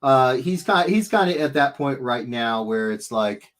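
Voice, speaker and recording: A man hosting a casual live stream, telling stories in a rambling, animated way with many restarts. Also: mid-range voice, a little slow. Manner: rambling, self-interrupting, animated storytelling. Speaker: livestream host. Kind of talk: casual chat.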